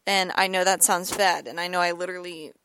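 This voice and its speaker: A young woman hosting her own podcast tells a personal story while sick with an ear and throat infection. She rambles casually, repeating words and saying "like" a lot. Her voice is on the low side, steady and a bit bright, fairly quick, with slight background noise.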